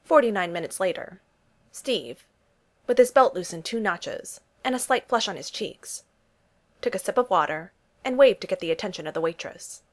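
A woman narrating a story as an even, steady reader. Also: mid-range voice, normal speed. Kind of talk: storybook reading.

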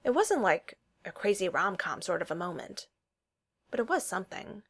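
Casting: woman storyteller, lively intonation, reading fiction aloud. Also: mid-range voice, normal speed, husky.

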